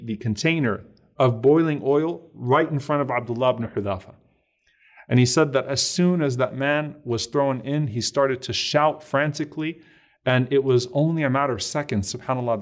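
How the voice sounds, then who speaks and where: Earnest man retelling a religious story. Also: mid-range voice. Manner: earnest, dramatic retelling with Arabic devotional phrases. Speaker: preacher.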